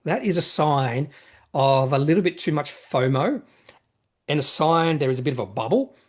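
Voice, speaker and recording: Male host, casual market commentary, slightly high-pitched, rambling and self-correcting. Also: lively intonation, normal speed. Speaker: investing channel host. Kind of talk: casual market commentary, reading viewer questions.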